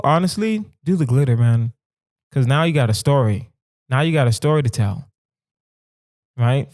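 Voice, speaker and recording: A man's voice: mid-range voice, a little mellow, dry recording. Young male podcast host, comedic riffing, emphatic repetition, dry close sound, mid-range voice. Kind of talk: casual comedic monologue.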